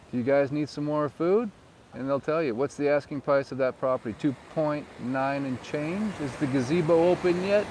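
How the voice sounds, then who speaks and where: A man in his forties, a real estate agent, chatting casually with live viewers outdoors and jumping into high squeals of excitement now and then. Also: a little hiss or hum. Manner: laid-back and playful, bursting into high squeals of excitement. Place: outdoors on the island, riding a golf cart near the surf.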